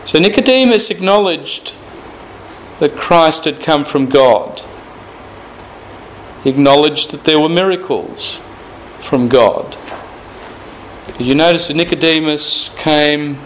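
A man's voice: on the high side, expressive, slow pace, pauses often, a bit bright, a little hiss or hum, low-quality recording. A man teaching through the Bible verse by verse, reading scripture aloud and stressing key words with rhetorical questions. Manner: repeats phrases, asks rhetorical questions.

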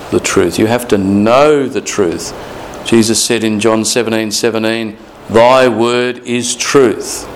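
Man preaching a slow emphatic sermon. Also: mid-range voice, slight background noise, poor audio. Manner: slow emphatic reading of scripture, drawn-out phrases. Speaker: pastor.

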